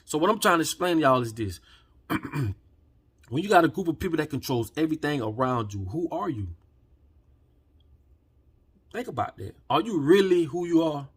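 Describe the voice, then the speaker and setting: Husky man ranting, heated and profane. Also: a little high, sing-song, normal speed, pauses often. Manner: heated, profane, preachy, swings from quiet to shouting. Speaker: channel host. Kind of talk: impassioned rant to camera.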